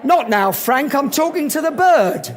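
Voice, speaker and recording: A man's voice: very high voice, lively intonation, a little slow, slight background noise. A man voicing an eager little Cockney man who stammers and pleads for a favour. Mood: brushing off.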